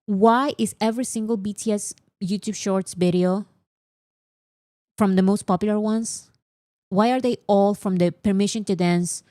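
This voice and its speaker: A woman vlogger giving casual, exasperated commentary to her viewers, repeating herself for emphasis and then talking herself calm. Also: normal speed, no room sound. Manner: talks herself calm with deep breaths.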